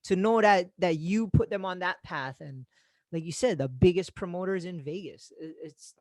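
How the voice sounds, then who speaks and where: Animated man telling stories. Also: high-pitched, moderate pace, no room sound. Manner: animated, swears freely, laughs while telling stories. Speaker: podcast host. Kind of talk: casual chat, storytelling.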